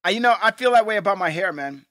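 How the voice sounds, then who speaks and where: A man's voice: sits high, expressive, fast talker, bright, forceful tone, dry recording, clean studio sound. A man co-hosting a podcast rewatch, chatting casually and animatedly, laughing often. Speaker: podcast co-host. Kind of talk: casual chat.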